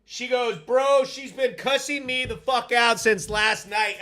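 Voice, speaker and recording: A man hosts a live stream by himself, reading viewer comments and giving shout-outs in a loud, profane, hyped-up way. His voice is high-pitched and his pace slow.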